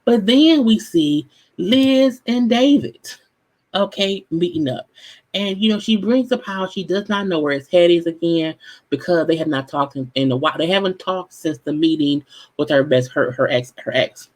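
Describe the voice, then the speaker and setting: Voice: medium pitch, expressive, moderate pace, poor audio. Blunt, profane recap host. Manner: blunt, profane, exasperated running commentary. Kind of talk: casual recap commentary.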